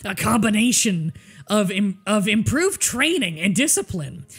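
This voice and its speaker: A woman's voice: medium pitch, big pitch swings, unhurried, breathy edge, exaggerated voice. Woman doing a villainous goblin voice. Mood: mock-villainous. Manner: mock-dramatic reading. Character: villainous goblin reading game text.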